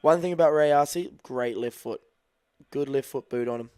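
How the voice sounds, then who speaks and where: A man co-hosting a rugby podcast, measured and analytical, talking through tactics at length. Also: mid-range voice, darkish tone, smooth, no room sound. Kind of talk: live watch-along sports podcast chat.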